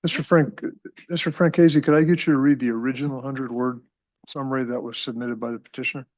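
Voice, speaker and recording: Measured man chairing a public board. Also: medium pitch, steady tone, no echo. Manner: measured, formal, reading figures aloud. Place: government hearing room.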